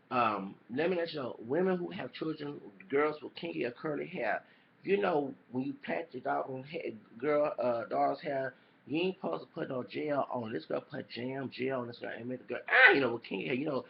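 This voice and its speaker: A man's voice: medium pitch, gravelly, a little hiss or hum. A man giving a heated reaction rant as a YouTuber, cussing and repeating himself, then apologizing for his swearing. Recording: dull lo-fi recording.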